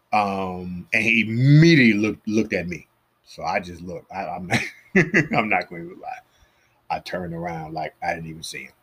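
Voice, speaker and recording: Man, low husky voice, lively intonation, casual podcast storytelling, acts out the people he quotes. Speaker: podcast host giving fitness advice.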